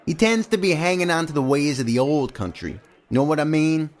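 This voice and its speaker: A gruff, talkative diner cook, as a male audiobook narrator puts him on. His voice sits a little high and swings up and down a lot as he pries for details. It is a storybook reading with plain acting. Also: animated, fairly quick, natural voice. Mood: nosy chatty. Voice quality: gruff, chatty.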